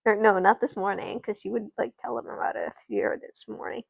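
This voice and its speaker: A woman's voice: mid-range voice, very animated, fast, vocal fry, breathy edge, no echo. A woman streamer improvising a story with dolls, rambling, correcting herself and swearing. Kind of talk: casual improvised storytelling with doll play.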